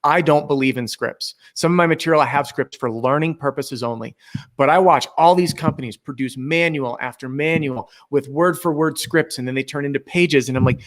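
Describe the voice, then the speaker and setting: A man's voice: on the high side, fairly quick. A man who coaches sales, talking as a podcast guest in a confident, explanatory way. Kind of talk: casual interview talk.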